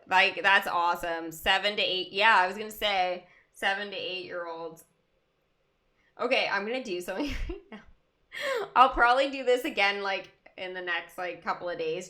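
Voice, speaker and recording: Bright, giggly young woman host chatting with her live viewers, rambling and easily amused. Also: medium pitch. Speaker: livestream host. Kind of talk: casual chat with live chat viewers.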